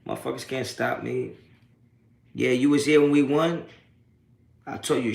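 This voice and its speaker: A man with a mid-range, darkish voice and vocal fry speaks at a normal speed, pausing often, in a roomy space. He hosts a live sports reaction stream after a game, reading chat, swearing constantly, and mocking trolls with streetwise trash talk.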